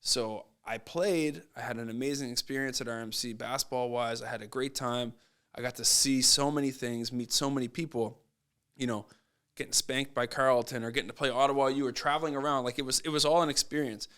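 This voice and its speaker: A man guesting on a podcast as a basketball coach, telling stories in a casual, animated way and acting out what people said. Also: mid-range voice, brisk, clear, resonant tone. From Nova Scotia, Canada. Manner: animated, acts out quoted voices. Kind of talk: casual storytelling.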